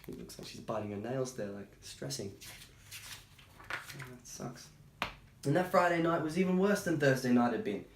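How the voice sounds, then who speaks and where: A man reads a children's storybook aloud at a mid-range pitch, pausing for chatty, sympathetic remarks. His voice carries a noticeable roomy echo. The reading stays easygoing and gentle. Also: lively intonation. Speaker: storytime reader. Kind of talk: reading a picture book aloud with casual asides.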